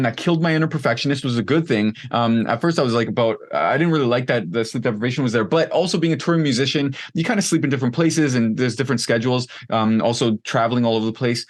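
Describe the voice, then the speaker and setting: A man in his thirties talking casually as an interview guest, rambling with many fillers and lively asides. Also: mid-range voice. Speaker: podcast guest, online coach.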